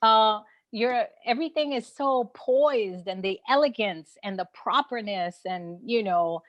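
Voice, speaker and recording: A woman's voice: a little high, a little slow, dull audio. A woman with a Brooklyn, New York accent, the guest in a casual online conversation, talking frankly with plenty of fillers and laughs over a video call. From New York City. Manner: frank, animated, laughs often, many fillers.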